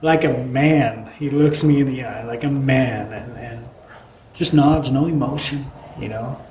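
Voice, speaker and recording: A middle-aged man, a former student now on staff, giving a halting personal testimony with many fillers. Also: medium pitch, a little mellow. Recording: echoey room with clear background noise.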